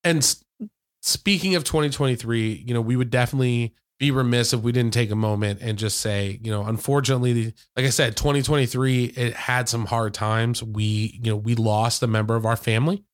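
A man in his thirties, co-host and editor of a podcast, talks in a mid-range voice with fairly even intonation at a fairly quick pace, recorded dry through headphones and a studio mic. In this casual conversation he rambles heartfeltly, full of fillers and restarts, close to tears.

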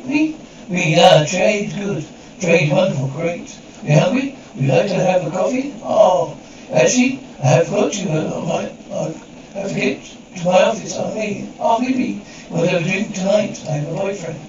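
Muffled and distant, a man's high-pitched voice delivers lines from a television drama scene. The TV audio is very echoey, with crowd noise in the background.

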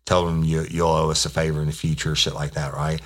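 Middle-aged ex-cop host, very low voice, folksy and foul-mouthed storytelling. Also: male voice, flat delivery, brisk. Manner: profane, rambling, folksy. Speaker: podcast host, former police officer telling stories. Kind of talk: casual storytelling.

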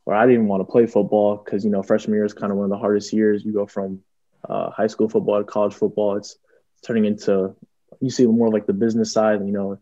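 A man's voice: lowish voice, little pitch movement, brisk, warm tone, no room sound. A young man, a college football player, answering interview questions casually, with lots of ums and restarts. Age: young adult. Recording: dull lo-fi audio.

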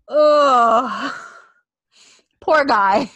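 A woman co-hosting a casual podcast, laughing often and acting out quotes in an animated way. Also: sits high, no room sound. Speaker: podcast co-host. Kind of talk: casual wrestling podcast chat.

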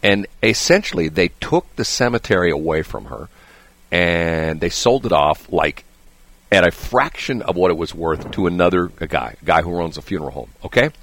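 A middle-aged man hosting a talk show, telling a long story in a casual, animated way, often restarting his sentences and checking in with "okay?". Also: low-pitched, moderate pace. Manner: rambling, animated, frequent restarts and "okay?" asides. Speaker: radio show host.

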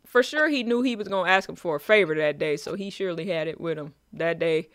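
A man co-hosting a podcast in casual chat, joking in slang and slipping into quick quoted voices. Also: high-pitched, fairly bright tone, no room sound. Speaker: podcast co-host. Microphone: remote call.

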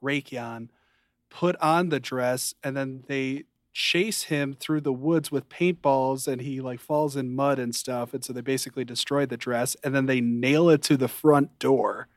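A man's voice: measured pace, hardly any pauses, no echo, studio quality. A man co-hosting a podcast, chatting casually and acting out quotes from a show in a raised voice. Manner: animated, acts out quotes in a high voice. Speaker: podcast co-host. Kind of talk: casual chat recapping a show.

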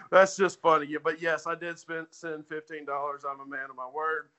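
Guy on a betting podcast, bright voice, stumbles and restarts a lot, blunt. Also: a little high, flat delivery, smooth. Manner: blunt, halting, many restarts. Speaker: podcast co-host. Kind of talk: casual sports betting chat.

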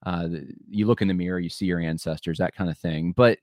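Low-voiced man musing in a dry room. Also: fairly even intonation, fast talker, a little mellow, no room sound. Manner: thinking aloud, rambling with frequent restarts; conversational, addresses listeners directly. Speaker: podcast host. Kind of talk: solo commentary podcast.

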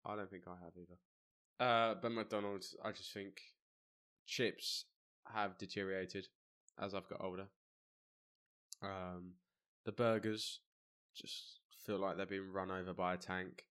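Bright-voiced young English podcaster. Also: male voice, low-pitched, level tone, unhurried, smooth. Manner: blunt, jokey rants. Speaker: podcast co-host. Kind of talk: casual banter.

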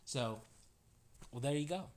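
A man's voice: mid-range voice, animated, unhurried, darkish tone, slight background noise. A man in a casual couple's chat, speaking in an easygoing way and often hedging with "you know".

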